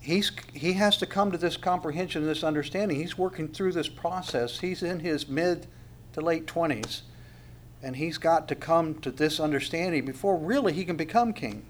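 A man's voice: on the high side, moderate pace, slight background noise. A male pastor preaching a sermon in a conversational way, repeating words and adding chuckling asides.

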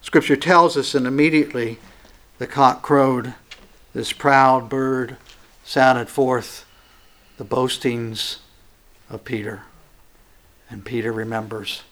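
A man preaching a sermon, swinging from loud, emphatic stresses down to hushed, quiet lines. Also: medium pitch, steady tone, slow pace, pauses often.

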